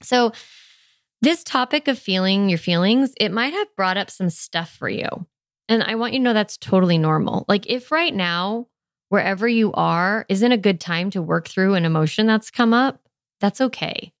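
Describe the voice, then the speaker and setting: A woman's voice: medium pitch, lively intonation, normal speed, dry recording. Chatty woman podcast host, dry sound. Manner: warm, chatty, lots of "like" fillers. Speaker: parenting podcast host and coach. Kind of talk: podcast monologue.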